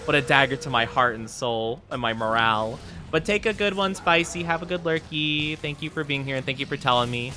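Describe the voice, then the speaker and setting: A young man chatting casually on a game live stream, playful and jokey, with bursts of mock self-pity and quick laughs. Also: medium pitch, animated, pushed and bright, a little hiss or hum.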